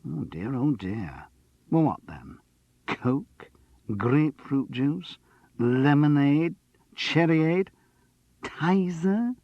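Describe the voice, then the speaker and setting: A man's voice: lowish voice, big pitch swings, normal speed, slightly rough, dry recording, dull audio. A man doing a bawdy joking theatre doctor. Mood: coaxing. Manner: teasing, crude.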